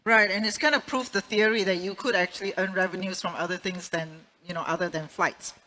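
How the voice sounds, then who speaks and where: Bright-voiced woman interviewer, conversational. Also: mid-range voice, steady tone, brisk, rough recording. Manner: conversational, rambling questions. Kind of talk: conference interview.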